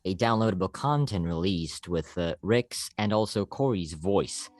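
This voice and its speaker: A man's voice: sits low, animated, unhurried, a little mellow, dry recording, clean studio sound. A man hosting a podcast, eagerly asking a guest questions. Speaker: podcast host. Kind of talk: casual interview.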